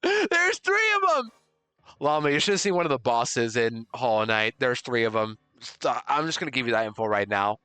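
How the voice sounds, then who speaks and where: A young man streaming a game live, chatting with viewers and loudly overreacting to surprises. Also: mid-range voice, fairly quick, few pauses, clear, resonant tone, dry recording, soft background music.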